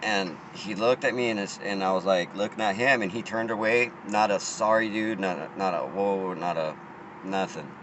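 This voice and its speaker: A man's voice: fairly low pitch, moderate pace, noisy background. A man telling a rambling, profane story in casual talk, often restarting his sentences.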